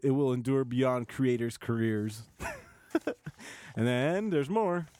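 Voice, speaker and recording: A man's voice: mid-range voice, expressive, slow pace, darkish tone, dry recording. Man laughing through tweets, dry sound. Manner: reads tweets aloud with frequent laughs and restarts. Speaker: podcast co-host reading news. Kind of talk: casual chat.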